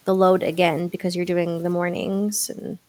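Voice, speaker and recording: A woman's voice: fairly low pitch, flat delivery, normal speed, dark tone. A woman co-hosting a podcast, chatting casually and finishing her friend's thoughts with support. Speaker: podcast co-host. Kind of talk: casual chat.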